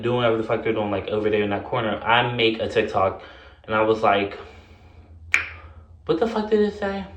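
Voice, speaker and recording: A young man casually telling a story in a vlog, animated and sassy, full of fillers and cursing. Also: mid-range voice, roomy sound.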